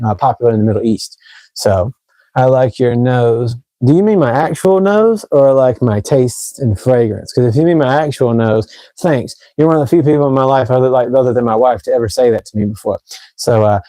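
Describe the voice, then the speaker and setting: A man's voice: medium pitch, warm tone, no echo. A young adult man hosting a casual livestream, reading out viewer comments and chatting in a rambling way, often restarting his sentences. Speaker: livestream host reviewing fragrances.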